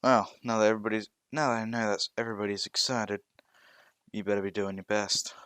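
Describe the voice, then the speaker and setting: A stern male teacher, as a man reads him, lecturing firmly. The voice sits low and smooth. It is recorded dry and close. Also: fairly even intonation, a little fast, fairly bright tone, no echo, natural voice. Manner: strict, lecturing.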